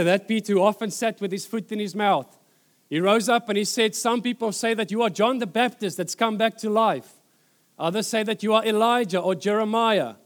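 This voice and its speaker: A man preaching a sermon, retelling scripture with dramatic pauses and repeated phrases. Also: high-pitched.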